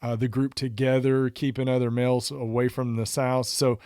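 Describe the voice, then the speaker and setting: A man's voice: mid-range voice, flat delivery, normal speed, warm tone, smooth, no room sound, studio quality. Easygoing Texan man chatting. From Texas. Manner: easygoing, laughs while talking. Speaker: podcast co-host. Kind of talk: casual chat.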